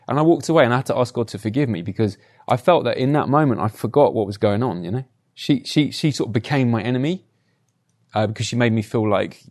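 A man's voice: on the low side, a little mellow. A man giving a conversational sermon, telling personal stories and often adding tag questions like "right?". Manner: chatty, anecdotal, frequent tag questions. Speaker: preacher.

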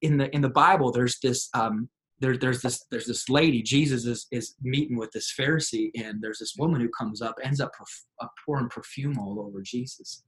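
Young male pastor guest, lively anecdote teller, middle pitch. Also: moderate pace. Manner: animated storyteller, acts out excited voices. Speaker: pastor and author. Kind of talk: interview storytelling.

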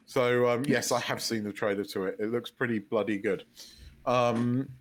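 A man co-hosting a casual podcast chat, animated and quick to laugh. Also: mid-range voice. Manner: animated, laughs loudly, shouts impressions. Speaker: podcast co-host.

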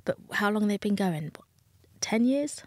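A woman's voice: medium pitch, animated, normal speed, no room sound. Frank woman, dry close sound. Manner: frank, emotional, acts out quoted voices. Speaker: dating coach, podcast guest. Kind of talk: candid interview talk.

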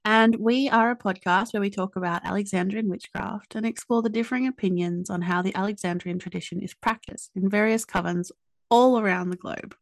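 Aussie woman hosting a chatty podcast, a bit of fry in her voice. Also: mid-range voice, fairly quick, dry recording. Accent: Australian. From Australia. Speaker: podcast host. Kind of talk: casual podcast chat and scripted intro.

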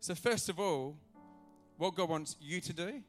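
Animated male pastor preaching over soft music. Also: a little high, a little slow. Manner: animated, acts out voices in his stories. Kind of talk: sermon. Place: church auditorium.

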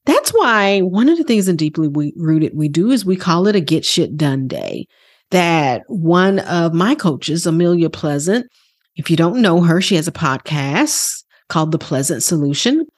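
Husky, animated woman coaching on stress. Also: lowish voice, measured pace. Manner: animated and earnest, swears casually, acts out quoted inner voices. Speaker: wellness coach and program host. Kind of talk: motivational podcast talk.

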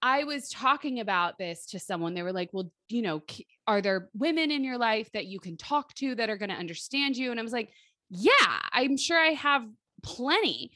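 A woman in her thirties, co-hosting a casual podcast chat and telling stories with lively, animated delivery. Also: fairly high pitch, brisk, hardly any pauses, dry recording, clean studio sound. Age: 30s. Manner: lively, animated storytelling with quoted voices and laughs. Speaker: podcast co-host and life coach.

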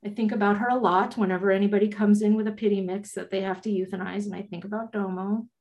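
A woman's voice: mid-range voice, fairly even intonation, fast talker, a little mellow, lo-fi sound. A woman co-hosting a podcast, chatting casually in a blunt, joking way and swearing now and then. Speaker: podcast co-host. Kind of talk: casual chat.

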